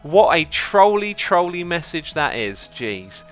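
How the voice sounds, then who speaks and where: A man hosting a casual livestream, calm and easygoing as he reads out chat and thanks viewers. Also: fairly high pitch, measured pace, over music. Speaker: livestream host reading chat.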